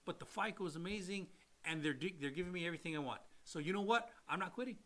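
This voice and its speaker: Bright, animated man telling a story. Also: sits high, quick pace. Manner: animated storyteller who acts out quotes and drops to near-whispers. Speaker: loan officer, podcast co-host. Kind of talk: storytelling on a podcast.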